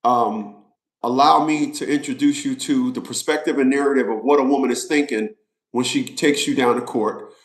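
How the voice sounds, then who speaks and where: A man's voice: medium pitch, fairly even intonation, moderate pace. Emphatic man in a roomy echo. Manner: emphatic, repetitive, preacherly. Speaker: vlogger. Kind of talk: casual monologue.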